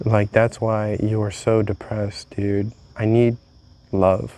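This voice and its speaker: A man's voice: on the low side, flat delivery, slow pace, mellow. A young man vlogging a candid, rambling confessional monologue, swearing freely as he talks.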